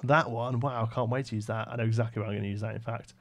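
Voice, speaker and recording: A man's voice: medium pitch, fairly even intonation, very fast, fairly bright tone, no echo. A man with a Brummie accent chatting casually on a live stream while he builds, reading viewers' messages and answering them. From West Midlands, England. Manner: chatty, reads chat aloud and answers viewers.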